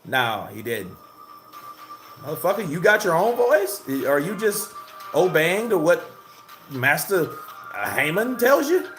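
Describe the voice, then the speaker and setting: Animated, profane boxing livestream host. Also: male voice, sits high, a little slow, soft background music. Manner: profane, heated, rambling and animated. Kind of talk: casual live commentary.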